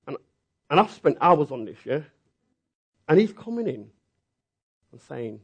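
A man preaching a sermon, telling the story with lively, acted-out reactions. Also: medium pitch, moderate pace, gravelly, long pauses, slightly rough, lo-fi sound. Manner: animated storytelling, acting out reactions.

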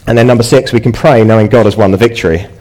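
A man's voice: fairly low pitch, steady tone, racing, darkish tone. A middle-aged man preaching a sermon in a conversational way, building to emphatic peaks. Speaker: pastor.

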